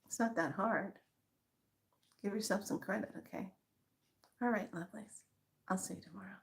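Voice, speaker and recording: A woman's voice: medium pitch, normal speed, gravelly, pauses often, darkish tone. A woman vlogger chatting casually to her viewers, laughing often and calling them lovelies. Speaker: spiritual vlogger.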